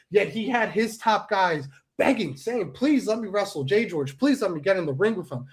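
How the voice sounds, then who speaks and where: A man with a somewhat high-pitched voice vents in a fired-up wrestling promo, swearing freely and hammering his points home through repetition. He talks like a guest airing a grievance on a show, angry and blunt. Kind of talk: heated promo-style rant.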